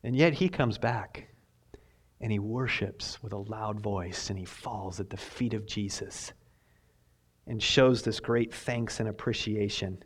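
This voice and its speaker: A man preaching a sermon as pastor, telling the story vividly and swinging between loud emphasis and hushed asides. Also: fairly low pitch, a little slow, husky.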